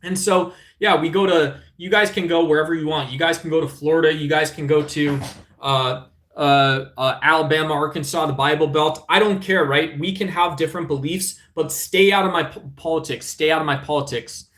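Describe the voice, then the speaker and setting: A man's voice: a little high, fairly even intonation, a little fast, a bit bright, echoey room. A middle-aged man hosting a casual live stream, rambling and combative, often tagging on "right?". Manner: rambling and combative, frequent "right?" tag questions. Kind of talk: casual live-stream chat about politics.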